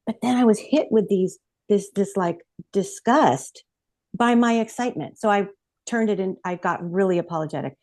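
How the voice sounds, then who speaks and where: A woman telling a personal story in a lively, expressive way on a podcast. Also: mid-range voice, normal speed. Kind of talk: casual storytelling.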